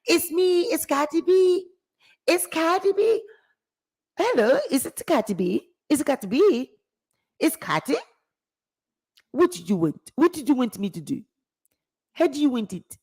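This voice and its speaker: Lady putting on a brash young woman rapper, high and eager, keeps repeating herself. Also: big pitch swings, unhurried, long pauses, heavily acted. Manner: loud, eager, repetitive.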